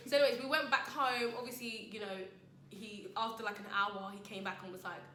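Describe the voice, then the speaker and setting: A woman's voice: a little high, fast. A young woman telling a story in casual chat, acting out what people said with laughs along the way. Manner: animated, acts out quotes with laughter. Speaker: co-host. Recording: echoey room, faint noise.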